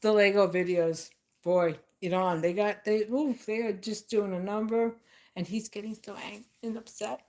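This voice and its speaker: A woman's voice: medium pitch, steady tone, moderate pace, a little mellow. A woman hosting her own channel, ranting in a blunt, profane, sarcastic way to her viewers. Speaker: channel host. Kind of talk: casual ranting vlog.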